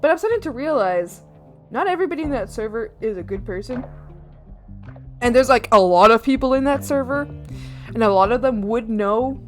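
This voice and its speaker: Giggly, animated young woman streamer. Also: a little high, normal speed, faint music behind. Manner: giggly and animated, yelling playfully at her pets. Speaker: art streamer. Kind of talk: casual live-stream chat.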